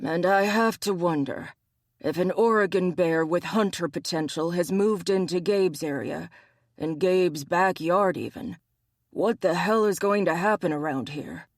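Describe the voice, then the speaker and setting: A man's voice: high-pitched, a little slow, dry recording. An audiobook narrator voicing a wry, teasing male bear-shifter hunter with a dry, needling manner, in a dry recording.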